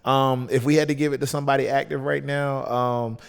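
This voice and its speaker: A man's voice: mid-range voice, level tone, a little fast, creaky, clean tone, long reverb tail. A man with a Southern US accent, a pro wrestler chatting as a guest in a laid-back, rambling way full of fillers. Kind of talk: casual chat.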